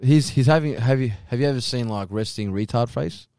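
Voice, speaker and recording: A man's voice: medium pitch, fairly quick, warm tone, clean tone, no echo, studio quality. A young man, telling a story with lots of swearing in a casual podcast chat.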